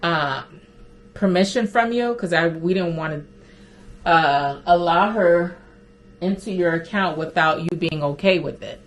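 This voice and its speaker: A woman quoting her female supervisor in a polite, measured customer-service manner. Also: lowish voice, natural voice. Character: calm female work supervisor verifying a caller.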